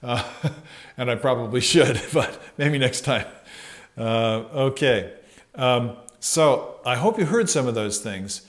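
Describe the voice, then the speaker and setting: A man's voice: medium pitch, animated, slow pace. A man giving a casual trumpet lesson, thinking aloud with fillers and sometimes singing syllables to show phrasing. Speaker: trumpet teacher.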